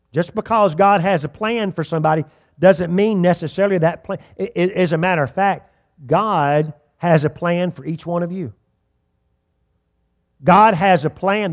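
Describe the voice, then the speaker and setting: A man preaching a sermon as pastor, telling a story dramatically with sudden shifts between loud bursts and quiet asides, and asking the congregation questions. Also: high-pitched. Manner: repeats words when starting sentences; addresses the congregation directly with questions.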